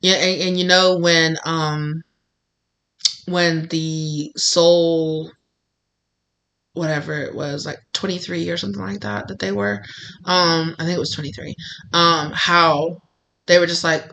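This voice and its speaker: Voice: mid-range voice, fairly even intonation, measured pace, pauses often, pushed and bright. A tarot reader giving a casual pick-a-card reading, rambling and effusive, with many "like"s and restarts.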